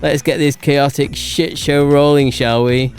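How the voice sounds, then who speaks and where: A man's voice: fairly high pitch, steady tone, measured pace, faint music behind, lightly acted. A man doing a sweary rambling rocker impression. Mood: rowdy. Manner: stumbling over words, heavy swearing. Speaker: podcast co-host.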